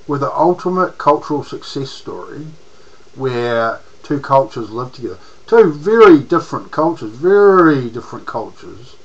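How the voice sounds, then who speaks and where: A man's voice: on the high side, a bit bright, highs cut off. A man with a New Zealand accent, rambling in a casual monologue to camera as a political vlogger, restarting his sentences often and using slang.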